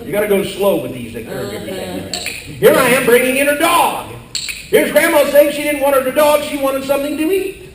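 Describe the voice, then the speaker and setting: An older man performing a corny comedy slide show for a live audience, narrating and yelling out quoted lines. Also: very high voice, lively intonation, a little fast, crowd noise. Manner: corny storytelling with exaggerated yelled quotes. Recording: echoey live hall from far off with audience.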